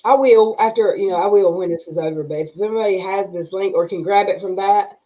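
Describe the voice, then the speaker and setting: A woman's voice: medium pitch, fairly quick, mellow, rough recording. Chatty woman livestreaming. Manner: rambling, self-interrupting, laughs often. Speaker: livestream host. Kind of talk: casual livestream chat. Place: home room with wall TV monitors.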